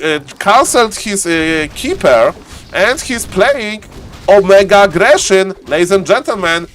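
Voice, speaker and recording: A man giving live game commentary as the caster, excitable and laughing often, repeating set phrases. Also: high voice. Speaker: esports caster.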